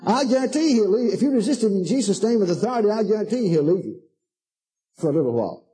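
Husky high-pitched preacher guy, fired up and repeating himself, calls everyone honey. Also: lively intonation, fast, dark tone, poor audio. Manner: fervent, emphatic, repetitive, calls listeners "honey". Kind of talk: sermon to a congregation.

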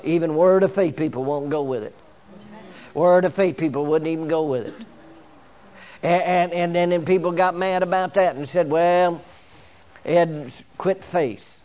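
An older man preaching a sermon live in a church, repeating and restarting phrases as he builds to fervent near-shouting. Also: sits high, highs cut off.

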